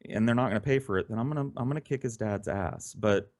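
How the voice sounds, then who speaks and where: A calm father speaks low and quietly to his son, earnest and deliberate, as a man retells it. The voice stays hushed and steady. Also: no room sound, clean studio sound, lightly acted.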